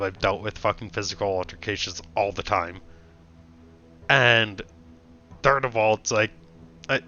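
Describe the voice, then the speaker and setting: A man's voice: mid-range voice, bright, forceful tone. A young man streaming, telling a story in casual chat with blunt, profane ranting. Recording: dull lo-fi stream audio.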